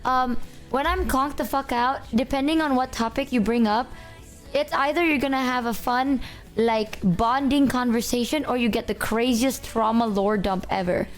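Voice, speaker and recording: A woman's voice: fairly high pitch, moderate pace, faint music behind. A woman streaming, chatting casually in a breezy, matter-of-fact way with frequent giggles. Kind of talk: casual chat.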